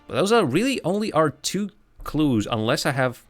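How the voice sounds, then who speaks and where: A man's voice: on the high side, big pitch swings, normal speed, soft background music. A man streaming a game live, thinking aloud in casual commentary with frequent restarts.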